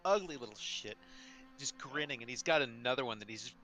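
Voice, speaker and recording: A man's voice: medium pitch, expressive, fairly quick, pushed and bright, faint music behind. A man running a tabletop game as game master, narrating loosely and laughing often.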